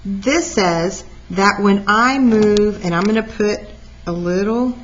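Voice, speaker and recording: A woman teacher of middle pitch explains math step by step, with a lively, animated delivery. The recording is dull and lo-fi. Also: slow, slight background noise. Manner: lively, talks through steps aloud.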